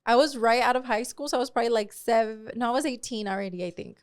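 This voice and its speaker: A woman in her twenties with a smooth, clear voice that sits on the higher side, telling a story on a casual podcast. She is animated and swears freely, with stray Spanish phrases. The sound is dry and close. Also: fast, no echo. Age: 20s. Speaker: podcast co-host.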